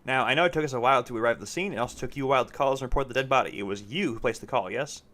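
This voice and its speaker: A man reading as a calm, stern lieutenant. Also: medium pitch, very fast, natural voice. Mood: measured.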